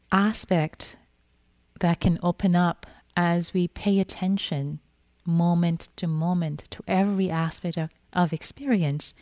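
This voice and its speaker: A woman meditation teacher giving a gentle, repetitive dharma talk in which she acts out inner thoughts. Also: on the low side, no room sound. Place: meditation hall.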